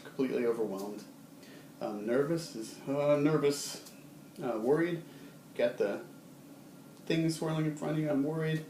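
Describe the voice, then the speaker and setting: A man teaching a casual video lesson in a relaxed way, with many ums, who acts out short example phrases. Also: medium pitch, unhurried, pauses often. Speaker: sign language teacher. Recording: roomy, distant, faint background hum.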